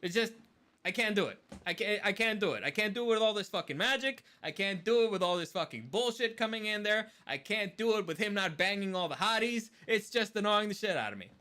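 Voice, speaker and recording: A man's voice: high voice, fairly quick. A man co-hosting a podcast in casual chat. He rants animatedly and swears often. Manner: animated ranting, swears a lot. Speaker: podcast co-host.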